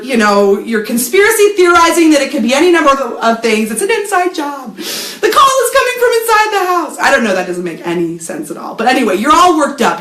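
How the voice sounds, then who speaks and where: A woman with a high, lively voice talks to camera as host. She is sardonic and animated, slips into mock voices and swears casually. Her voice rings in a roomy, echoey space. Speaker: host giving marketing advice.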